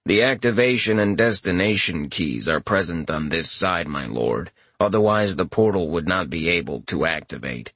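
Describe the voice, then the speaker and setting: A man voicing a floating magical servant who speaks in a low, deadpan, formal way. The voice is slightly husky and recorded dry and close, in the manner of an audiobook. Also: normal speed, hardly any pauses, dry recording, exaggerated voice.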